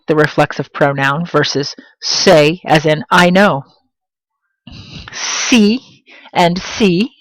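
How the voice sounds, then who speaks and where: A woman teaching a Spanish lesson in English, slowing down to pronounce example words with clear stress. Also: fairly low pitch, no room sound, poor audio. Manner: slow, emphatic pronunciation of example words. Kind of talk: classroom lesson.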